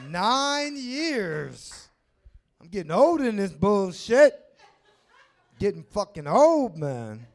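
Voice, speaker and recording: A man's voice: high-pitched, darkish tone. A man headlining a comedy club, talking loose and profane with lots of laughter as he banters with the crowd. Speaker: headlining stand-up comic. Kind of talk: stand-up set.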